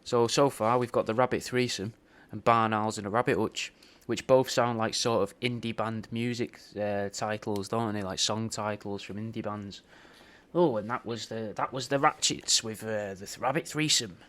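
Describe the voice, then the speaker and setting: A man's voice: fairly low pitch, fairly even intonation, moderate pace, fairly bright tone. A young man in a casual, rambling monologue, swearing often and ending his lines with "mate" and "bro". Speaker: podcast host recording paid video messages.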